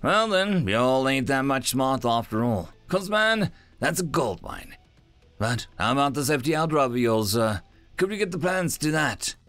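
A man's voice: medium pitch, big pitch swings, unhurried, fairly bright tone, dry recording, soft background music, voice pushed up. A man voicing a brash, joking male space miner who talks in folksy rural slang. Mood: boastful.

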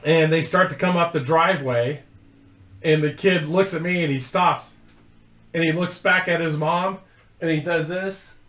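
A man's voice: a little high, a little slow, a bit bright, echoey room. A man hosting his own channel, telling a casual story to camera in a rambling, profane way and laughing through it. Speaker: YouTube host.

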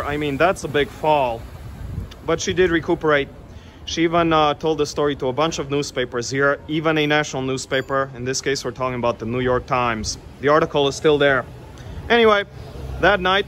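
A man's voice: mid-range voice, fairly bright tone, slight background noise. A middle-aged man, a tour guide, animatedly telling a legend outdoors on a city street and pointing out spots. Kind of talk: storytelling on a walking tour.

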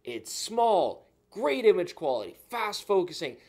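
A man's voice: high-pitched, big pitch swings, measured pace, darkish tone. A man co-hosting a camera review show, joking around casually while having a few drinks. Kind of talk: casual product review banter.

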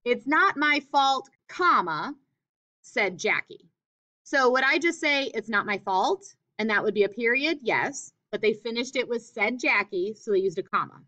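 A woman's voice: on the high side, sharp tone, muffled recording. A woman teacher explaining punctuation in a classroom writing lesson, reading examples aloud with expression.

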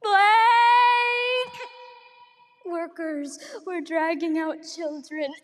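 A young woman performing a dramatic monologue as a grieving young mother, speaking in a hushed, halting way with broken restarts. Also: high voice, in a large hall, heavy background noise. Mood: frantic searching. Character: grieving young mother who lost her little son. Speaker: competitive speech performer.

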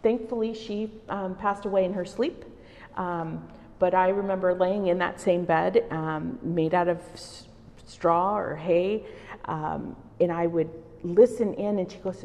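The speaker is a middle-aged wood carver from El Salvador, sharing stories reflectively in an interview recorded in an echoing art exhibition hall. She has a lowish, darkish voice, unhurried and fairly even in intonation.

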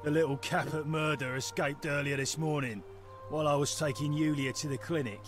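A man's voice: on the high side, steady tone, a little fast, music in the background, lightly acted. A man voicing a surly, curt Roman. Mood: grumpy.

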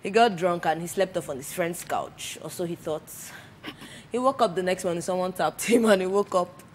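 Joking, animated woman. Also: on the low side, moderate pace, slight background noise. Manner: animated, joking, acts out little scenes. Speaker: talk show co-host. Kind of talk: casual chat.

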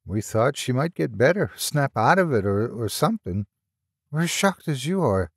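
A man voicing a weary, guilt-ridden man who explains slowly and haltingly in an audiobook horror story. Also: mid-range voice, big pitch swings, vocal fry, breathy edge, dry recording, clean studio sound, full character voice. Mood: subdued. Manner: slow, subdued and halting.

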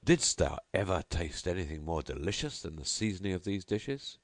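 Man doing a nobleman host, lavish, booming, insistent, mocking, storybook voice. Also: sing-song, moderate pace, dry recording. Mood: grandly insistent. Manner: grand, insistent, booming hospitality.

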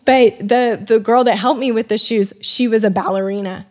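A woman's voice: a little high, fairly even intonation, moderate pace, darkish tone. Chatty woman telling a long story. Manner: chatty, rambling, many restarts and fillers; acts out quoted dialogue with her voice rising. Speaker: podcast guest, wine sommelier. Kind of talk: casual interview storytelling.

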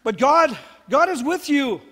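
A man's voice: extremely high pitch, big pitch swings, measured pace, fairly bright tone. A man preaching a sermon as pastor, earnest and repetitive, often checking in with "right?". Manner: earnest, repeats phrases, asks "right?" often. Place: church sanctuary. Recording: long hall reverb.

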